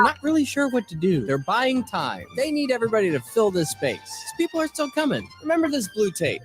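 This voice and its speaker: A narrator giving sarcastic voice-over commentary on footage, with mocking asides. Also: mid-range voice.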